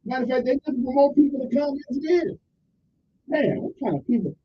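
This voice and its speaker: A man's voice: very high-pitched, expressive, fairly quick, muffled recording, slight background noise. A man hosting a radio talk show, rambling and opinionated in a folksy way, with many restarts. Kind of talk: casual call-in radio commentary.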